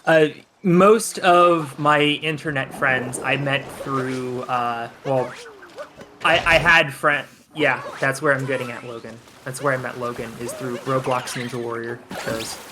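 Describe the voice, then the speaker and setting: A man's voice: mid-range voice, steady tone, a little slow, crowd noise, low-quality recording. A man doing casual live commentary on a speedrun, joking and rambling with lots of fillers. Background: game music.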